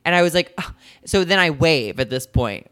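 A young man co-hosting a podcast, telling a story in a casual, animated way. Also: on the high side, smooth, dry recording, clean studio sound. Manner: animated, quick retelling with acted quotes. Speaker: podcast co-host.

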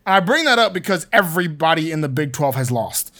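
A man co-hosting a casual sports podcast, talking in a joking, animated way and laughing often. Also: a little high, fast talker. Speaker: podcast co-host.

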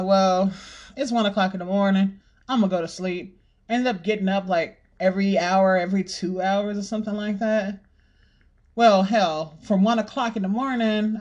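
A podcast host casually telling a stressful family story in a blunt, profanity-heavy, animated way. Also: medium pitch.

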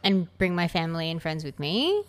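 A woman's voice: lowish voice, very animated, brisk. A woman co-hosting a podcast, chatting casually and gossiping about reality TV, laughing often. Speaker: podcast co-host. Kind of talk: casual chat.

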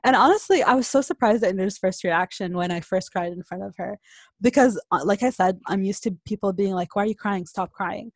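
A young woman talks openly in a relaxed podcast chat. She laughs often as she speaks. Her voice is recorded close and dry. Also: mid-range voice, brisk, no echo. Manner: laughs often, emotional and open. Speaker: podcast co-host. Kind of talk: casual chat.

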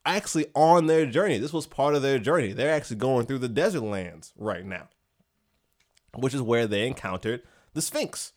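A man hosting a casual podcast who excitedly retells a comic book, laughing often. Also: mid-range voice, moderate pace. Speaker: podcast host. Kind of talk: casual chat.

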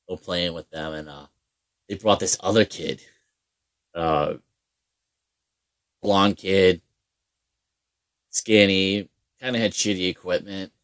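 A man's voice: sits low, no echo, studio quality. Profane, rambling man telling a story. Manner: swears constantly, mocks people with put-on voices. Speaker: amateur hockey goalie telling a story.

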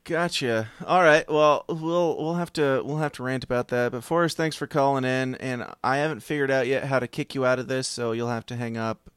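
A man's voice: mid-range voice, steady tone, a little fast, few pauses, a bit bright, smooth, no echo. A man hosts a casual podcast, his voice dry and close to the mic. He is laid-back and wry, slipping jokes into easy conversation. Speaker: host.

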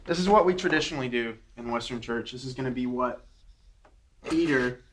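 A man's voice: mid-range voice, brisk. A man giving an informal, earnest teaching talk to a small church group, laying out ideas step by step in a conversational way.

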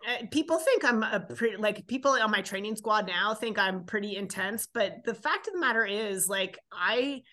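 A lively woman in her fifties talks as a podcast guest, her voice sitting at a middle pitch. She tells her stories in a chatty way and slips into the voices of the people she quotes. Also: moderate pace, hardly any pauses. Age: 50s. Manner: lively, chatty storyteller who acts out quoted dialogue. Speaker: guest, professional triathlete. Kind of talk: podcast interview storytelling.

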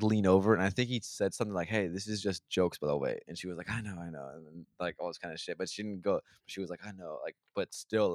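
A man's voice: on the low side, dry recording, clean studio sound. A young man casually telling a long, profane story on a podcast, rambling with many restarts and acting out what people said. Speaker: podcast host.

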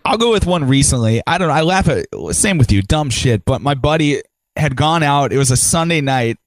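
A man's voice: fairly high pitch, expressive, brisk, no room sound. A young married man in casual chat, telling a story with laughter and swearing. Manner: laid-back, laughs through his story, swears. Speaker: podcast co-host.

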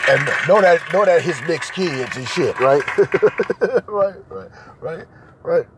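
A man hosting a podcast, ranting loudly and profanely in a comedic monologue and repeating his points. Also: a little high, lively intonation, slow pace. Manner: loud, profane, repetitive ranting. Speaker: podcast host. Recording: noisy home recording.

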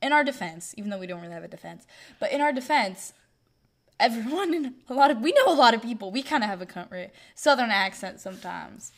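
A woman's voice: on the high side, animated, fast. A young woman co-hosting a podcast, chatting casually, rambling with lots of fillers and giggles. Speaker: podcast co-host. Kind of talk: casual chat.

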